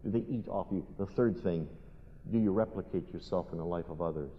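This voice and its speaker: A man's voice: low voice, brisk, slight background noise. Older man preaching in an echoing hall. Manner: animated storytelling, asks the audience questions. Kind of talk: sermon with humorous stories. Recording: dull recording in a long-reverb hall.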